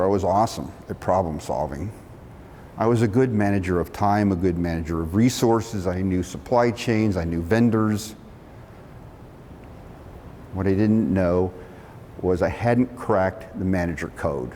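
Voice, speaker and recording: Middle-aged guy telling a story, acts out the voices, big echoey hall. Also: moderate pace. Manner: animated storyteller acting out quotes. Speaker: speaker telling his career story. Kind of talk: storytelling talk. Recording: long reverb of a hall, faint rumble.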